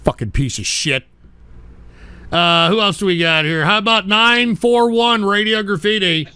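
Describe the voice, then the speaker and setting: A man's voice: sits high, moderate pace, bright, forceful tone, clean tone, dry recording. A man hosting a call-in show, ranting at callers with profane, insulting mockery. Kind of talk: abrasive call-in radio rant.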